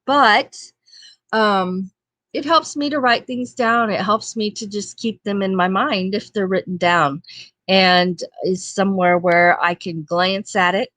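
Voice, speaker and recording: A woman's voice: medium pitch, fairly even intonation, unhurried, a bit bright, dry recording. A woman hosting a casual livestream chat show, reading viewer comments in a homey, chatty way and laughing often. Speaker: livestream talk show host.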